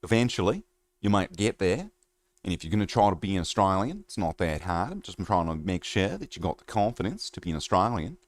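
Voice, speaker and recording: A man putting on a mock Australian and New Zealand accent, talking in a slow, mumbled drawl. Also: mid-range voice, darkish tone, natural voice. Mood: mock-earnest.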